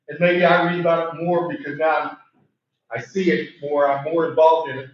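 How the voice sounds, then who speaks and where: A man's voice: on the high side, fairly bright tone. Man lecturing in an echoey room. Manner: repeats words for emphasis, asks the room questions. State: throat clearing, losing voice. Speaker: trainer. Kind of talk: training session talk. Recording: very echoey room, distant mic, muffled.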